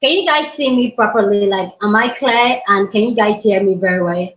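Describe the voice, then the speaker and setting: A woman hosting a casual livestream from her mobile phone, hyper, excitable and loud as she greets her viewers. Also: medium pitch, moderate pace. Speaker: livestream host. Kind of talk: casual live-stream chat. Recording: roomy, dull lo-fi phone audio.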